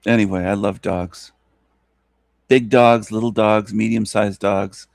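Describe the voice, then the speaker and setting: A man's voice: fairly low pitch, vocal fry, darkish tone, no echo. A man hosting a show, talking in a rambling, repetitive, mocking monologue. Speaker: show host.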